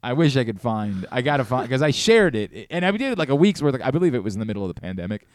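A man's voice: medium pitch, big pitch swings, fast, no echo. A man hosting casual sports talk radio, rambling and self-deprecating, on a studio microphone.

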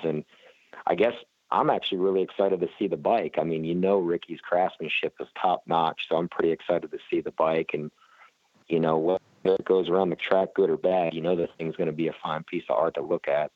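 Being interviewed as a guest, this flat track racer has a deep voice and a steady tone, speaking briskly while he rambles casually, full of fillers and false starts. The recording is dry, with thin, tinny sound.

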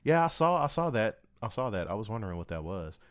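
A man with a lowish voice chats casually on a podcast, laid-back and swearing freely. He jokes loosely with his co-host. The recording is close and dry. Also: sing-song, quick pace, dry recording. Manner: laid-back, profane, joking. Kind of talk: casual chat.

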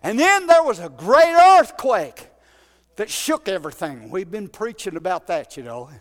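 A man preaching a fervent Pentecostal sermon in a church, building to shouts. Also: sits high, very animated, normal speed, big-room sound. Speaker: pastor. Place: church sanctuary.

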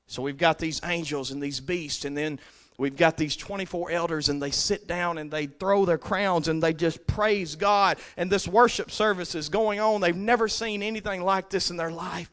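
Guy preaching a sermon, high bright voice, goes soft then real loud. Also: fairly even intonation, moderate pace. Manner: swings between quiet reading and loud, high-pitched preaching.

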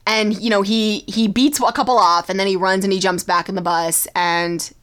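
A woman's voice: mid-range voice, fairly even intonation, normal speed, a bit bright. A woman co-hosting a podcast, chatting casually and acting out characters' lines as she retells an episode. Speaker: podcast co-host. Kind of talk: casual chat recapping a TV episode.

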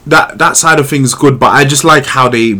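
A man co-hosting a podcast, chatting casually in an animated, slangy way and swearing freely. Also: medium pitch, fairly quick. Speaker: podcast co-host. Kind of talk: casual chat.

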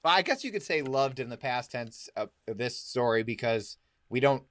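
A man's voice: mid-range voice, expressive, normal speed, dry recording, studio quality. A man in casual podcast chat, rambling through stories with lots of filler words and swearing. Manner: rambling, loose, breaks into loud shouted impressions.

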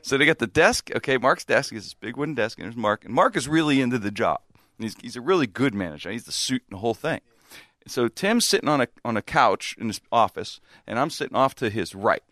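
Animated man telling a story. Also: medium pitch, quick pace, no room sound, studio quality. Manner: animated, laughs a lot, acts out quotes. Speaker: storyteller in a chat. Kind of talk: casual chat, anecdote.

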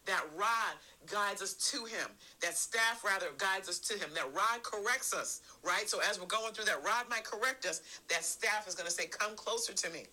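Bright-voiced woman preaching fervently. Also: medium pitch, normal speed, few pauses, poor audio. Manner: fervent, rhythmic preaching with repeated phrases. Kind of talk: sermon.

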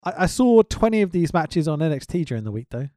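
Animated, profane man ranting. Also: on the high side, fast talker, dry recording, clean studio sound. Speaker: wrestling podcast co-host. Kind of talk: casual podcast chat.

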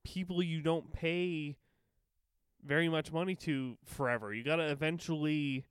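A man co-hosting a podcast in casual chat, animated and swearing often. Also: a little high, moderate pace, smooth, dry recording. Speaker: podcast co-host.

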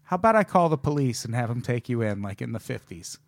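A man who is a comedian, guesting on a casual podcast, sarcastic and deadpan with lots of swearing. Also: mid-range voice, fast, no room sound.

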